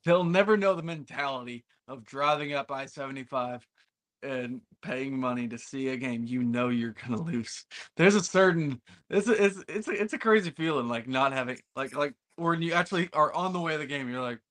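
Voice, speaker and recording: A man co-hosting a casual sports chat, excitable and trash-talking about rival fans. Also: mid-range voice, moderate pace. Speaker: podcast co-host.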